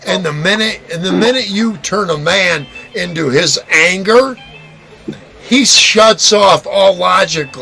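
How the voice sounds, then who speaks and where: A man in casual bar-room chat, bragging about fights, swearing and stammering through restarts, shouting out punch sounds. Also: high voice, slow pace, creaky, faint music behind, poor audio. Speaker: podcast host.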